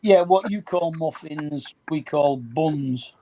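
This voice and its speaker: A man's voice: fairly high pitch, slow, mellow, slight background noise. A man giving brief, matter-of-fact answers in a casual live-stream chat.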